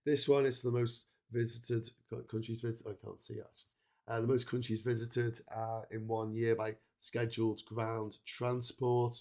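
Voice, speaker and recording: A middle-aged Englishman with a cold chats loosely with his livestream viewers, rambling, stopping and restarting sentences, and filling gaps with ums and uhs. His ordinary middle-pitched voice is a little mellow, with little pitch movement and a moderate pace.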